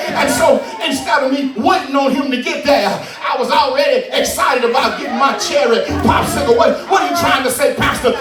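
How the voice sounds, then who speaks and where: A male pastor preaching a sermon, shouting and calling out to the congregation between folksy stories. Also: very high voice, brisk, hardly any pauses. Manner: shouting call-and-response preaching, folksy storytelling. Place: church sanctuary. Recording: echoey church with organ and congregation, mic far off.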